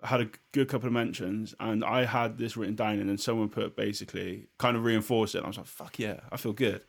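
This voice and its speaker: A young man co-hosting a podcast, thinking out loud about football, restarting his sentences and swearing casually. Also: on the low side, steady tone, fast, creaky. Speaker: podcast co-host.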